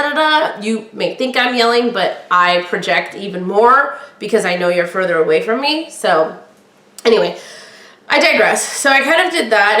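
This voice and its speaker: A middle-aged woman hosting a podcast, telling a personal story in a candid, chatty way with a loud, projecting voice. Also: medium pitch, reverberant. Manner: candid, chatty, quotes others in lively voices. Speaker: podcast host.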